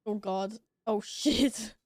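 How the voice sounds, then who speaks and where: A woman's voice: medium pitch, takes it slowly, dry recording, studio quality. A woman streamer with the hiccups, chatting casually while gaming, giggly, flustered and swearing now and then. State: has the hiccups.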